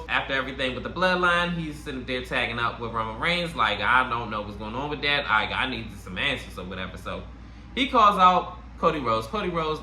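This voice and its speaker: A man with a New York accent recaps wrestling shows in a loose, slangy, animated way. His voice is bright and cutting. It sounds like he's talking in an echoey room, with faint noise under it. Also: medium pitch. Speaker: wrestling review host. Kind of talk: casual YouTube review.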